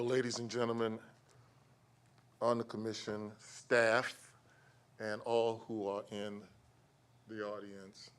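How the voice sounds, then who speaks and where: An older man leads a prayer at a public meeting, his voice sitting on the low side. He speaks in a rhythmic, preacherly cadence and lifts his emphasis on key words. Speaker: invocation speaker at county meeting. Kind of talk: spoken invocation and prayer. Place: county commission meeting chamber.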